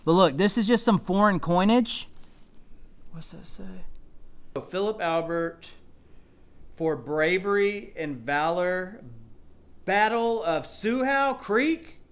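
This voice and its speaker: A man, chatting excitedly as he shows off his finds in a casual vlog. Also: fairly high pitch. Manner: excitable, chatty, says y'all. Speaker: storage unit reseller vlogger. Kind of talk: casual show-and-tell vlog.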